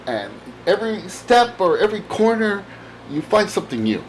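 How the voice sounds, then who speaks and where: A man's voice: high-pitched, big pitch swings, moderate pace, a little hiss or hum. A man hosting his own comic book channel, chatting casually in a rambling, enthusiastic way with lots of fillers. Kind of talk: casual chat.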